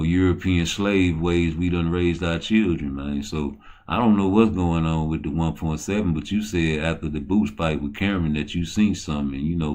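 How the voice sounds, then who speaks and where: A man rants as host of a boxing commentary show. He rambles, scattering "you know" and "man" through every sentence. His voice sits somewhat low.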